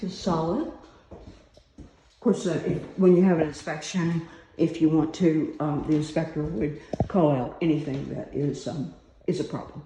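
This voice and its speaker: Giving a property tour of an empty house, a real estate agent speaks in a low, fairly even voice without hurrying, and the recording is very noisy. Her walkthrough is casual and chatty, full of uncertain thinking aloud and fillers, against echoey vacant rooms.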